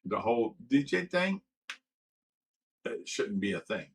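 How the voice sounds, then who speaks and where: A man's voice: lowish voice, sing-song, measured pace, rough recording. A middle-aged man hosting a livestream, reading viewer comments aloud and going on an aggrieved, profane rant, often stumbling and repeating words. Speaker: livestream host.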